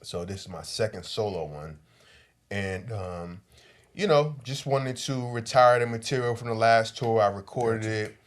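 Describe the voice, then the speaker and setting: A man's voice: fairly low pitch, a little slow. Laid-back man, comedian guest. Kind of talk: casual podcast chat. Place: studio.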